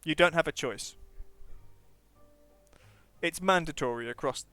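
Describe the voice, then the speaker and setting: A man's voice: fairly high pitch, unhurried, pushed and bright, no echo, soft background music. A man, a game streamer who also teaches English, chatting casually and wryly while playing and thinking aloud to his viewers.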